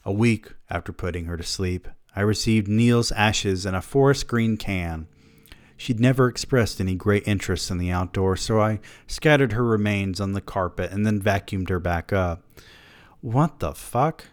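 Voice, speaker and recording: A man's voice: fairly low pitch, moderate pace, dry recording. A man reading a story aloud who keeps breaking off to mock himself in sardonic comic asides. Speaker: reader of a story.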